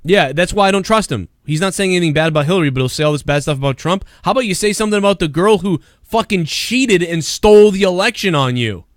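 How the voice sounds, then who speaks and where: A man's voice: high voice, lively intonation, quick pace, few pauses, no room sound, studio quality. A man hosting a live stream, ranting heatedly and with lots of profanity in casual chat. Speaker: stream host.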